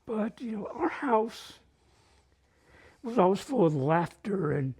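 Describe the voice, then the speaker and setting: In a library event room, an older man takes the open-mic stage with childhood stories that poke fun at himself, laughing throughout. He speaks slowly in a high, husky, darkish voice with big swings in pitch.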